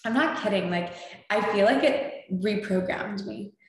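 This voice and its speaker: A woman's voice: mid-range voice, unhurried. A woman hosting a casual chat, telling a story in a bubbly way with many fillers and frequent laughter. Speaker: podcast host. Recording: very echoey room.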